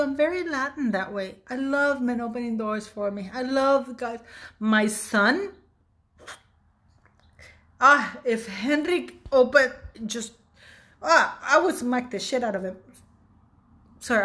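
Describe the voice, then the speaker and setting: Woman host, 50s, slightly high voice, blunt and fired-up opinion vlogging. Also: a bit bright. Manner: emphatic, blunt, indignant. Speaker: channel host. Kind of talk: opinionated commentary vlog.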